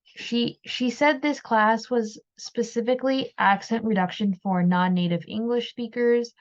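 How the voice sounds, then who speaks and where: A woman giving reflective opinion commentary, measured and thoughtful, sometimes repeating words as she thinks. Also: a little high, muffled recording. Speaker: commentary video host.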